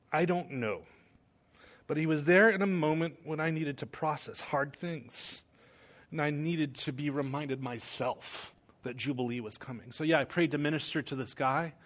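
Male pastor, mid-pitched, conversational sermon storytelling, earnest.

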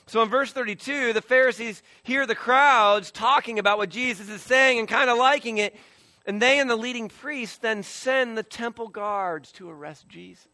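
A male pastor preaching a sermon, swinging from loud emphasis to hushed near-whispers and acting out the voices of biblical figures. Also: very high voice, normal speed, no room sound.

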